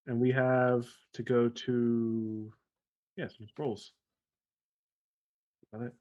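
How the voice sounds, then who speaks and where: A man's voice: mid-range voice, level tone, drawn-out words, mellow, muffled recording. A man playing a tabletop game, chatting with friends in an easygoing, joking way. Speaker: player. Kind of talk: casual chat with friends.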